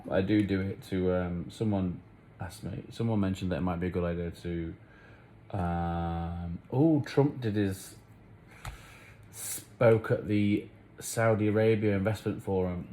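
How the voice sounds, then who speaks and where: A man's voice: low-pitched, measured pace, warm tone, slight background noise. Rambling man vlogging. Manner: rambling, swearing, philosophical, self-mocking. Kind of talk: casual rambling monologue to camera.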